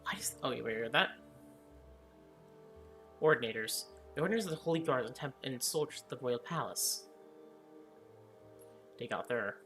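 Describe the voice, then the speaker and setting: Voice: medium pitch, lively intonation, moderate pace, long pauses, fairly bright tone, soft background music. A gamer giving casual, giggly gameplay commentary and reading in-game text aloud. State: hiccuping. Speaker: let's-play gamer.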